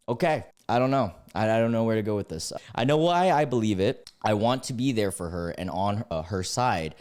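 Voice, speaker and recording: A man in his twenties reads online posts aloud and reacts to them with excitable rants. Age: 20s. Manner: excitable, ranting, sudden jumps in pitch. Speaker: YouTuber reading Reddit posts.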